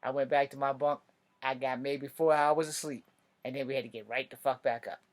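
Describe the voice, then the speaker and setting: A man's voice: mid-range voice, level tone, a little fast. A man telling a loose, profane anecdote in a casual, rambling way. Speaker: storyteller.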